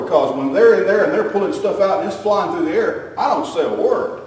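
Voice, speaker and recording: Speaking a little fast with hardly any pauses, an older man with a high voice delivers a sermon full of folksy family anecdotes, voicing each character with animation. He's a pastor in a church sanctuary, recorded on a distant mic in an echoey hall, with faint ambience and a slight hiss or hum.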